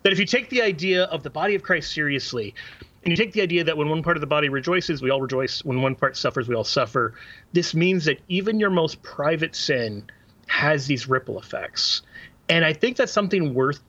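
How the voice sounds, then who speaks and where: A man's voice: a little high, lively intonation, a little fast, a bit bright, highs cut off. A man on a talk show, making his points earnestly and fluently. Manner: earnest, fluent, quotes sources. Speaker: co-host.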